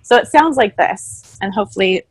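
A woman speaking as a guest in a casual interview, explaining things in a calm, thoughtful way. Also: mid-range voice, normal speed, slightly rough, no room sound, low-quality recording. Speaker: voice coach guest. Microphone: own microphone, remote call.

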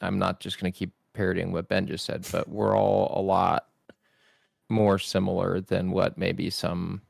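Gravelly low-voiced male podcast co-host. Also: little pitch movement, moderate pace, dry recording, clean studio sound. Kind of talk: casual chat.

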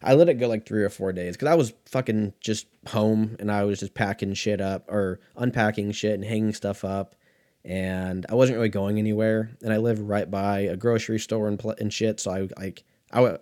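A man's voice: lowish voice, fairly even intonation, normal speed, darkish tone. A man from California hosting a casual storytelling monologue, talking in a profane, rambling way and drifting off on tangents. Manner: profane, rambling, easily sidetracked. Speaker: host.

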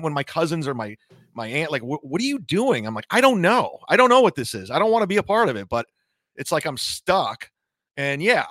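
With a medium-pitched, slightly bright voice in studio-quality audio free of room sound, a comedian guest chats casually on a live stream. He rambles, trips over his words and keeps interrupting himself to restart.

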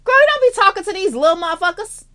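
A woman's voice: very high voice, very animated, rapid-fire, sharp tone. A young adult woman from the United States giving blunt, sassy life advice in a casual monologue, swearing freely and calling the listener girl.

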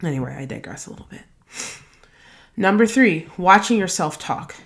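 A young woman with a low, full voice reads her blog post aloud as a podcast host. She works through numbered self-help tips and then wanders into relaxed, chatty asides before returning to the list. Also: moderate pace, creaky.

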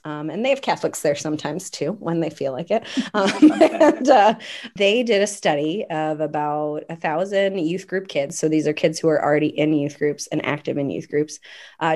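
Low-voiced woman podcast host. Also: a little mellow. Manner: chatty, laughs often while talking. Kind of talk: casual podcast chat.

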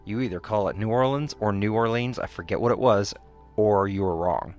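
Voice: a little fast, a little mellow, faint music behind. A podcast co-host chatting casually, rambling with many fillers and restarts and acting out quoted people. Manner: acts out quoted people in higher voices. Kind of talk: casual chat.

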